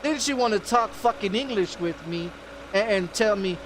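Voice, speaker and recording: A man's voice: high voice, moderate pace, noisy background. A man from Texas, a game streamer, telling an angry story in profane, cursing casual talk.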